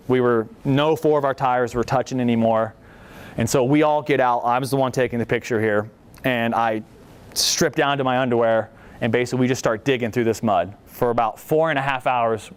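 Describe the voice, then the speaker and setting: Smooth-voiced man telling a story. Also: medium pitch. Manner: casual, joking storyteller, acts out quotes. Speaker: veteran speaker at a library talk. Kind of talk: storytelling presentation.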